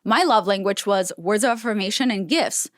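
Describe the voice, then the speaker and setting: A young woman talks as a podcast guest in easy, casual conversation. She tells her stories by acting out what people said. Her voice sits at a medium pitch and sounds dry, with no room echo. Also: normal speed. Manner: storytelling, acting out quoted dialogue. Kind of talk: casual interview chat.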